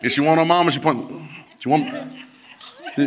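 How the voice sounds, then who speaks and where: Preacher guy, kinda high voice, loose and repetitive, keeps getting the church to say it back. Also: a little fast, fairly bright tone. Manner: colloquial, repetitive, urging the congregation. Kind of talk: sermon with call-and-response.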